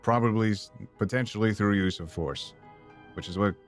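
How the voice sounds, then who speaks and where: A man's voice: fairly low pitch, normal speed, soft background music. A man casually chatting and planning moves while playing a game with a friend. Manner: thinking aloud, planning. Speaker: host. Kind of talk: casual let's-play chat.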